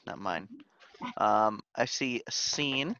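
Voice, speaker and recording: A man's voice: lowish voice, expressive, takes it slowly, bright, forceful tone, no room sound. A man reading aloud hesitantly as a student in an online language class. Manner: hesitant, unsure. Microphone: video call. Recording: muffled video call audio.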